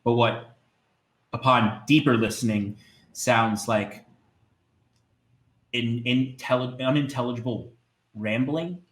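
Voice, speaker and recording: A man narrating as game master of a tabletop game, describing scenes hesitantly with many filler pauses. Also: medium pitch, a bit bright, roomy sound.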